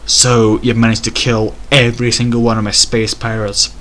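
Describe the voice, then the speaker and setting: A man's voice: medium pitch, level tone, normal speed, a bit bright, slight background noise, close to an everyday voice. A man voicing an arrogant giant male space pirate monster, with stiff, melodramatic villain lines.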